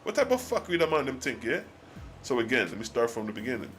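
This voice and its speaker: A man hosting a live scripture study, reading archaic verses slowly and then explaining them in slangy casual talk. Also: mid-range voice, wildly swooping pitch, fairly bright tone, soft background music. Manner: alternates slow archaic reading with slangy commentary.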